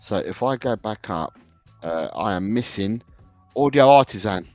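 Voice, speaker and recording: A man co-hosting a casual live-stream podcast, briskly reading out viewer predictions. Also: lowish voice, lively intonation, a little mellow, faint music behind. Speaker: podcast co-host. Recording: dull, dry lo-fi sound.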